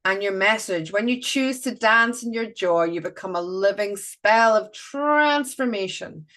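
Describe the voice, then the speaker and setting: A woman's voice: medium pitch, animated, measured pace, a bit bright. A woman doing a live oracle card reading, chatty and playful, breaking off to greet viewers.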